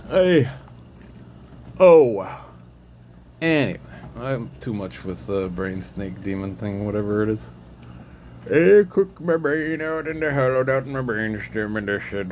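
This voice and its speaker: A man talking alone in a meandering monologue, drifting between thoughts and breaking in with sudden loud interjections. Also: lowish voice, lively intonation, measured pace, long pauses, a little hiss or hum. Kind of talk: rambling solo monologue.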